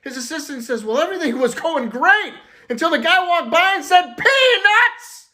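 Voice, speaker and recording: A man telling a string of jokes in a casual, animated way, jumping up in pitch for the punchlines. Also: brisk. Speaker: joke teller.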